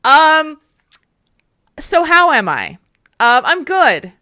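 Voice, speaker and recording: A woman with a bright, clear voice hosting a casual podcast chat. She talks openly and candidly, laughing often. Her voice sounds close and dry on a home mic. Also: sits high, big pitch swings, extremely slow, no room sound. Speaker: podcast host.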